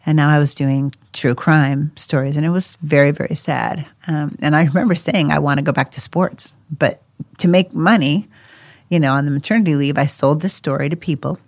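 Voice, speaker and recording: A woman telling her own story in a casual podcast chat. She talks in an animated way, laughs often and acts out the voices of people she quotes. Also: low voice, moderate pace, no echo. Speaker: co-host sharing her life story.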